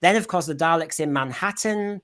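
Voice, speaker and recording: A man's voice: fairly high pitch, normal speed, a bit bright. A man hosting a casual podcast discussion, rambling and repeating words as he steers the talk. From Britain. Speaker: podcast host.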